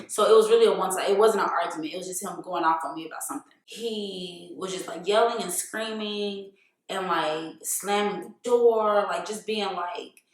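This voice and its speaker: Frank woman vlogging in a very echoey room. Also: lowish voice. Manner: frank, profane, filler-heavy "like" talk. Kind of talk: candid storytime vlog.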